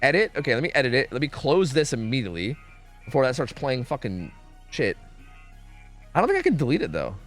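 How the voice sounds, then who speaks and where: A man's voice: medium pitch, wildly swooping pitch, fairly quick, pauses often, soft background music. A young man streaming a game, rambling to his chat, swearing and second-guessing himself. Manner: rambling, self-questioning, swears freely. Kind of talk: casual gaming stream chat.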